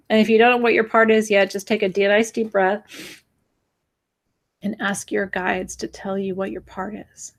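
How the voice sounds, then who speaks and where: A woman in her forties speaks with a gravelly edge as a spiritual teacher leading a new moon gathering. She talks with earnest, emotional urgency, pleading with her listeners, now and then acting out gasps and sighs. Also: mid-range voice, level tone, moderate pace. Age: 40s. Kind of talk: live-streamed new moon talk.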